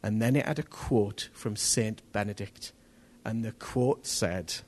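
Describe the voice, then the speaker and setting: A man preaching a testimony sermon, telling his story in an animated way that rises to near-shouts at the tense moments. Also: lowish voice, a little slow.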